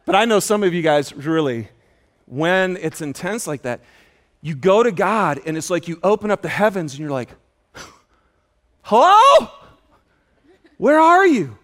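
A man preaching a sermon in an auditorium, telling stories with lively acted-out dialogue. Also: normal speed. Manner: animated storytelling, acts out dialogue with loud high shouts. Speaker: pastor.

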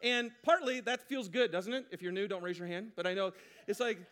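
A pastor preaches a sermon in a high, light voice. He is animated and jokey, and he keeps asking the congregation questions. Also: a little fast. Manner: animated, joking, asks the crowd questions.

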